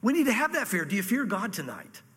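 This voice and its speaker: A man preaching a sermon in church, reading scripture slowly and explaining it in a plain, earnest way. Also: high voice, very animated, a bit bright, long reverb tail. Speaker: pastor.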